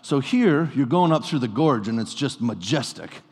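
A man preaching a sermon in a relaxed, conversational way, telling stories with playful asides to his congregation. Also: medium pitch, normal speed, slightly rough. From US Pacific Northwest. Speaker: pastor. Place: church sanctuary. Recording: long reverb of a church hall.

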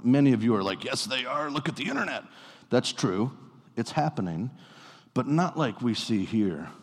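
A man preaching a sermon in a relaxed, conversational way, telling stories with playful asides to his congregation. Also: mid-range voice. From US Pacific Northwest. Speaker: pastor. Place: church sanctuary. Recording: long reverb of a church hall.

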